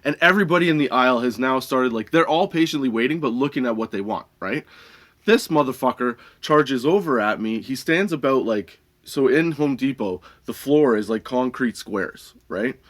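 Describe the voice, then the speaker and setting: A man's voice: medium pitch, expressive, normal speed, a bit bright. A male podcast host telling a comic story, swearing freely and laughing between lines.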